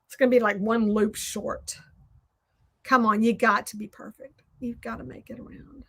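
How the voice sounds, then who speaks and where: A Southern American woman hosting, chatting casually and rambling while she crafts, quick to poke fun at herself. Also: on the high side, flat delivery, creaky, fairly bright tone. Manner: chatty, rambling, self-deprecating. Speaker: host.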